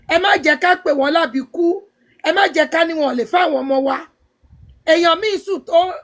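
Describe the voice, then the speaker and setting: A middle-aged woman with a strikingly high voice hosts a heartfelt talk show. She pleads with impassioned, tearful intensity, switching between Yoruba and English. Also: a bit bright. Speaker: host. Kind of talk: emotional talk-show chat.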